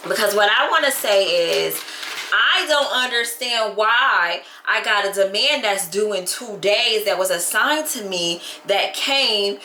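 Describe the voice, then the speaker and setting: Chatty woman venting, bright and echoey. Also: medium pitch, a little hiss or hum. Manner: animated, venting with lots of "baby" and "like". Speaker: vlogger. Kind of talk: casual vlog chat. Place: at home.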